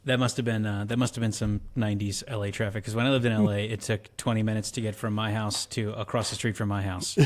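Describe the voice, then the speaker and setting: A man co-hosting a podcast, telling stories in animated casual chat, saying "dude" and "like" a lot. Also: fairly low pitch. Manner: fast, animated storytelling with "dude" and "like". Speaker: podcast co-host.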